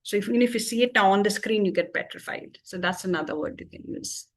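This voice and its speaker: A woman tutor patiently explaining English vocabulary with everyday examples, pausing often with fillers. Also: medium pitch.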